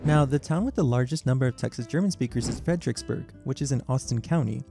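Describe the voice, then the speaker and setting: A man's voice: mid-range voice, fast talker, creaky, dark tone. A man hosting an educational video, giving an explanatory scripted narration. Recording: music bed under voice.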